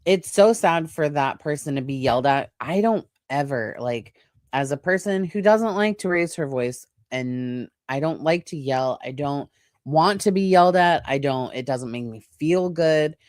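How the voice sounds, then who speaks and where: Low-voiced, unhurried woman, dry sound. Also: expressive, darkish tone, no echo. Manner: unhurried, earnest and empathetic, dwells on feelings. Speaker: podcast co-host. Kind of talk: casual podcast chat.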